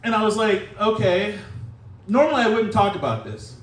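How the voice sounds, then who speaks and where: In a small comedy room inside a comic shop, a male stand-up comedian performs a set into a handheld mic, using a wry, self-deprecating delivery with filler pauses. His voice is high-pitched with big pitch swings. The recording is roomy and distant, picked up from the room, with audience laughter in the background.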